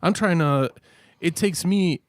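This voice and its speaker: A man co-hosting a podcast in casual chat, quick, upbeat and self-deprecating. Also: high-pitched, dry recording, studio quality.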